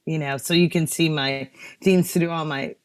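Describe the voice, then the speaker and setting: A woman with a notably low voice recounts a personal story during a talk. She speaks haltingly, full of fillers and restarts, with real emotion in her telling. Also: fairly even intonation, clear, resonant tone. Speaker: photographer guest speaker.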